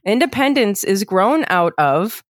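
A woman's voice: mid-range voice, measured pace, dry recording. Woman podcaster rambling thru a story, lots of likes, dry close sound. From lived abroad as a teen, international school. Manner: rambling, many "like" fillers, animated retelling. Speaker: podcast host. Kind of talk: casual storytelling chat.

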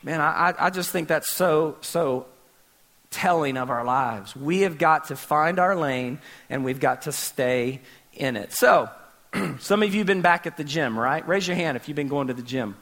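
High-voiced guy pastor preaching, super animated, does sound effects and little bits, bright sharp tone. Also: normal speed. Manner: animated storytelling, acts out scenes and sound effects. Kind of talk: sermon.

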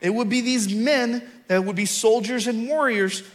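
Male pastor, middle-aged, high voice, sermon, storytelling that swells into shouting. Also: moderate pace. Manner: builds from calm storytelling to shouted emphasis.

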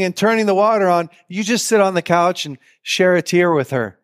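A man's voice: sits high, fairly quick, few pauses. A man giving a sermon to a live audience, telling stories and acting out the lines of the people in them, and often turning to his listeners with direct questions. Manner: animated storyteller who acts out quoted lines. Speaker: preacher.

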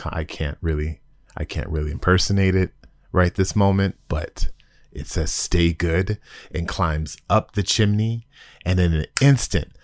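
A man with a very low voice talks through an episode he loved, giddy and animated, breaking into sudden high "ooh" exclamations and tripping over his own restarts. The recording is dry and close, with no room sound. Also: dry recording. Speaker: podcast host reviewing an episode. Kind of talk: casual excited review chat.

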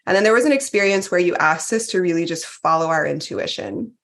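Podcast guest: woman, 40s, low-ish voice, candid and chatty, lots of "like" and "um". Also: expressive, brisk, fairly bright tone. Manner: candid, chatty, many fillers and restarts. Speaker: podcast guest, retreat participant. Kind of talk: casual podcast chat.

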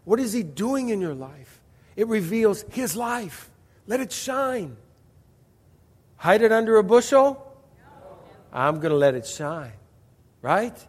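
A man's voice: high voice, sing-song, slow pace, long pauses, darkish tone, long reverb tail. A man preaching a sermon, emphatic and story-driven, asking the crowd rhetorical questions. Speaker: pastor.

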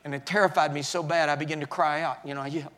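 A man preaching in a sermon, telling his own story with halting restarts and swings between hushed and loud moments. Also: a little high, steady tone. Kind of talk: sermon testimony.

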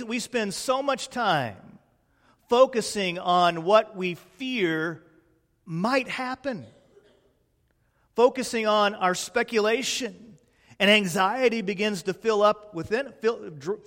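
A pastor, preaching a sermon with slow emphatic pauses and a hush at key lines. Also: male voice, high-pitched, in a large hall.

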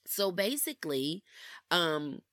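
A young adult woman telling a personal story in a casual, animated way, often calling her listeners "y'all". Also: lowish voice, slow, dry recording, clean studio sound. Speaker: vlogger.

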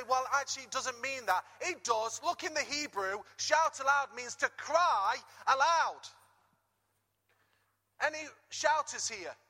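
British guy preaching, high bright voice, long hall echo, gets loud and jokey. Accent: British English. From Britain. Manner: lively, jokey, rises loud on key words. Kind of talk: sermon. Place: church hall. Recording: reverberant church hall.

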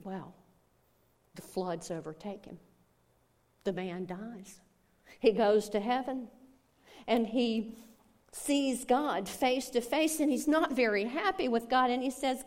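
Brief: woman preacher, storytelling sermon, slow measured delivery. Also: on the high side. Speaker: pastor.

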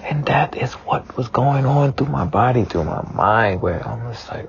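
A man's voice: mid-range voice, expressive, measured pace, vocal fry, hardly any pauses, slightly rough. A spiritualist man in a raw, emotional monologue, tearful and repeating himself, swearing as he vents. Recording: dull lo-fi recording.

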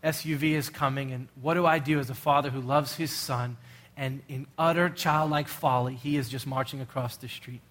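A man's voice: medium pitch, steady tone, normal speed, a bit bright. A middle-aged male pastor preaching a sermon in an earnest, urgent way, full of rhetorical questions.

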